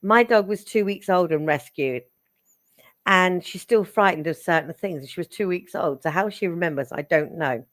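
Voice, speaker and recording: Chatty low-voiced woman giving readings. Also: moderate pace, no echo, studio quality. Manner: affectionate, chatty, excitable. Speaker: psychic reader. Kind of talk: live-stream psychic readings.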